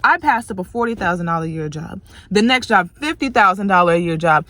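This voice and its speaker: A young woman, a tarot reader, venting to her viewers in a frustrated, profane rant, worn out and swinging from loud outbursts to low, tired muttering. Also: expressive, brisk, gravelly, hardly any pauses. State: exhausted.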